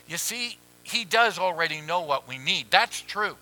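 A man preaching a sermon as pastor, who drops to hushed near-whispers and rises to loud pleading. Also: on the high side, lively intonation, moderate pace, few pauses, slight background noise, rough recording.

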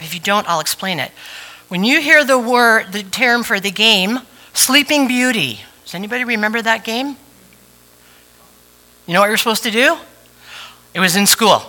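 A woman's voice: on the high side, pushed and bright, poor audio. A woman preacher giving a chatty, playful sermon with asides to the congregation. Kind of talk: conversational sermon.

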